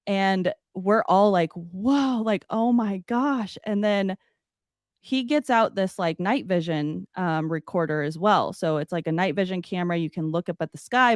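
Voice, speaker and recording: Woman, podcast guest, casual storytelling, animated, filler-heavy, dry close sound. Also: lowish voice, no room sound. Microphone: podcast studio mic.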